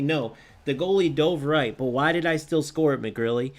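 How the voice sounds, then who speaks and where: A man giving live gameplay commentary on a football video game, ranting and arguing with viewers in an animated, direct way. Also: mid-range voice, moderate pace, few pauses.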